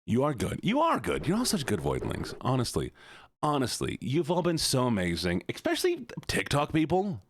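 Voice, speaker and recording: A man's voice: medium pitch, wildly swooping pitch, normal speed, dry recording. A man streaming live, chatting with his viewers in a playful, teasing way.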